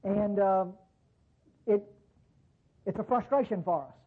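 A man's voice: sits high, a little slow, breathy edge. A man preaching a sermon in a folksy way, with rhetorical questions and frequent restarts. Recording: tinny phone-like recording.

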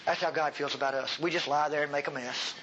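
A man's voice: fairly high pitch, fairly even intonation, fast talker, highs cut off, heavy background noise. A male pastor preaching a sermon in a folksy, humorous and emphatic way.

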